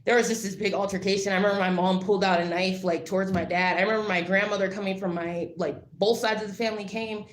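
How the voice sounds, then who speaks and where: A woman's voice: medium pitch, steady tone, quick pace, hardly any pauses. Rambling woman vlogger in an echoey room. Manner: rambling, filler-heavy with frequent "like"; blunt, swears freely. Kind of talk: casual storytelling to camera. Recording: roomy echo.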